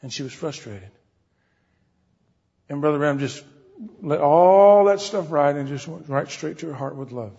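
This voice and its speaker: A man's voice: on the high side, expressive, moderate pace, pauses often, warm tone, breathy edge. A man preaching an earnest, folksy sermon, acting out the people he quotes. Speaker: pastor. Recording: dull recording in a hall with long reverb.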